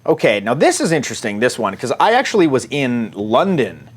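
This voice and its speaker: A man's voice: mid-range voice, wildly swooping pitch, fairly quick, breathy edge. A man, a dating coach, casually talking through text exchanges in a crude, irreverent, offhand way. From United States.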